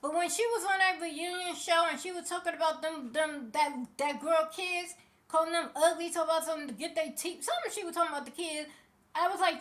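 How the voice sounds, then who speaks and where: A woman's voice: extremely high pitch, brisk, fairly bright tone. A woman vlogger giving passionate, sassy celebrity commentary, talking straight to the people she scolds.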